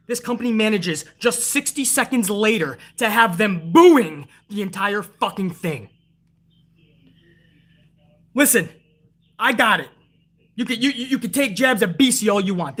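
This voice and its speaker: Bright-voiced woman ranting about wrestling. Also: medium pitch. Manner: heated, swears constantly, ranting to viewers; excitable, retells events with rising energy. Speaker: wrestling show reviewer. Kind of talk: casual profane review rant.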